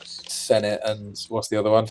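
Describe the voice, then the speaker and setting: A man's voice: on the low side, completely flat delivery, normal speed, darkish tone. A man with a British accent co-hosting a live stream, chatty and joking, with British slang. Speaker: co-host of a trading live stream. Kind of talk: casual live-stream chat.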